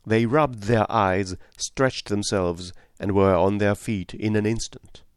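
A man narrating a classic novel in a measured, formal first-person style. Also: on the low side, steady tone, smooth, no room sound, studio quality. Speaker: audiobook narrator.

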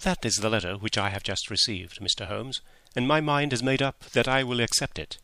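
A man narrating a classic story in the first person, measured and expressive, in the style of an audiobook. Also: medium pitch, dry recording.

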